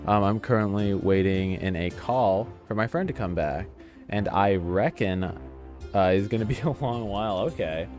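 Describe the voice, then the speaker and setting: Excitable low-voiced gamer guy. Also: a little slow, faint music behind. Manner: excitable, joking, easily sidetracked. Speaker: gamer streamer. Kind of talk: casual let's-play commentary.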